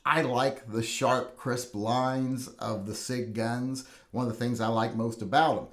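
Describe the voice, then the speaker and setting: A man's voice: mid-range voice, fairly even intonation, a little slow. A middle-aged man hosting a gun channel, giving humorous voice-over commentary on viewers' carry guns with dry, teasing sarcasm.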